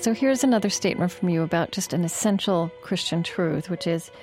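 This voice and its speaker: A woman hosting a radio conversation program, reading scripted introductions in a measured, composed way. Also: fairly low pitch, darkish tone. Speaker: radio show host. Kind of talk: scripted host narration. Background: music.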